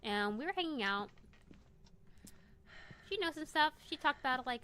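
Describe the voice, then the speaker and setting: Rambling young woman streamer, slightly high. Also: animated, moderate pace, pauses often, pushed and bright, slight background noise. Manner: rambling, self-correcting, jokey. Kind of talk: casual storytelling while gaming.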